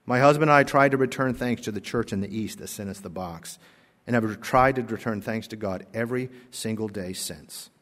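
A man's voice: fairly low pitch, brisk, fairly bright tone. A man preaching a sermon as a pastor, reading a story aloud earnestly and rising to emphatic exclamations. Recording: long hall reverb.

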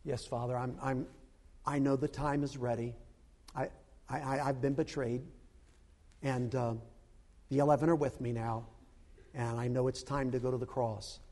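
A preacher voicing an earnest, devoted son who speaks softly and falters, resigned to his task. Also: medium pitch, flat delivery, moderate pace, pauses often, big-room sound, lightly acted.

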